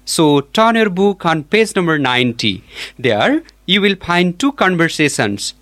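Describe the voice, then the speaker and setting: A male teacher leads a pronunciation lesson, drawing out each example word deliberately. His delivery is unhurried and his pitch swings widely. The voice sits a little high for a man. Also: sing-song, fairly bright tone. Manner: slow, deliberate, drawn-out model pronunciations. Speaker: English teacher.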